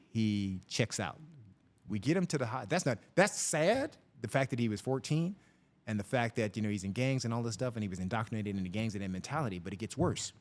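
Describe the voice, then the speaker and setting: A middle-aged man, a police officer, telling stories from the job in a casual interview, lively and acting out the people in them. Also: on the low side. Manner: animated storyteller, voices people in his anecdotes.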